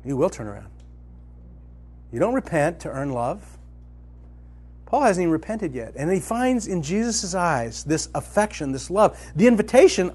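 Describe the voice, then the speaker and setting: A man teaching from the Bible in a conversational, colloquial style, telling the story vividly and swinging from loud to hushed. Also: on the high side, big pitch swings, normal speed, pauses often, husky. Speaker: preacher.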